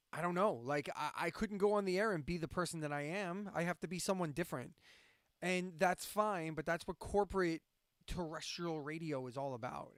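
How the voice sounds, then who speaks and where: A man's voice: a little high, clean tone, dry recording, studio quality. A man hosting a late-night casual chat stream, ranting and swearing, from central Pennsylvania. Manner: ranting, profane, sarcastic. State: insomniac, drinking coffee late at night. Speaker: live-stream host and radio DJ.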